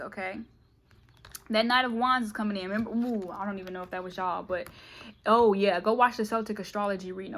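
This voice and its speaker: A woman's voice: medium pitch, a bit bright. Chatty woman giving a playful tarot reading. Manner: fast, chatty, playful, keeps saying okay. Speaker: tarot reader.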